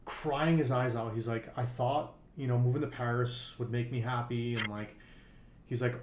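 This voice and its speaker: A man's voice: mid-range voice, normal speed, darkish tone, reverberant. A man co-hosting a poker podcast, telling a long story in casual conversation, with many fillers and restarts.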